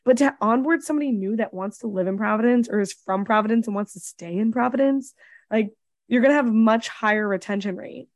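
A woman in her twenties, co-hosting a podcast in casual chat, telling stories with quick asides. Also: fairly high pitch, no room sound, studio quality. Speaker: podcast co-host.

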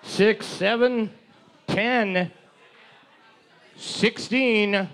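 Man, high-pitched, trivia co-host, crude wisecracks, calls out team numbers. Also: extremely slow, a bit bright. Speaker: trivia co-host reading answers and scores. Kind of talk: bar trivia banter. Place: bar trivia night with a sound system.

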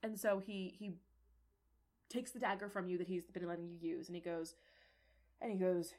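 A woman's voice: fairly low pitch, little pitch movement, normal speed, long pauses, darkish tone. Rambling woman running a tabletop game. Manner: rambling, filler-heavy, casual. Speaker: game master.

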